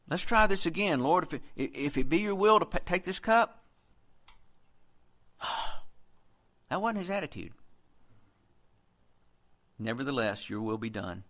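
A man's voice: medium pitch, a bit bright. A man preaching a sermon in an earnest, conversational way, quoting scripture as he goes.

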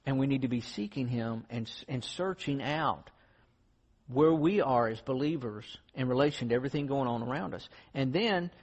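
A man's voice: mid-range voice, moderate pace, darkish tone. A man preaching a sermon in an earnest, conversational storytelling way. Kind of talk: sermon with closing prayer. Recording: dull lo-fi sound in a reverberant hall.

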